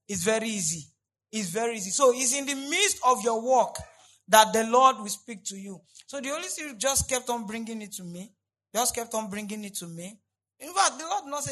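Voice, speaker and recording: Animated preacher, high bright voice. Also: male voice, fairly quick, low-quality recording. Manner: animated preaching, repeats lines, rises to loud emphatic peaks. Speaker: pastor. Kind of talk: sermon.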